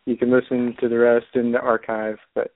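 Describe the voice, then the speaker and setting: A woman co-hosting a radio talk show, giving brief, relaxed replies in casual chat. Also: rumbling low, fairly quick. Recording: dry, tinny phone-like line.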